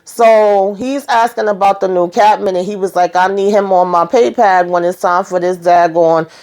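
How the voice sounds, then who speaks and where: Chatty woman recapping an episode. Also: normal speed. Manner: animated retelling, acting out characters' lines with pitch jumps; chatty, heavy on fillers like "you know". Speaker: show recap host.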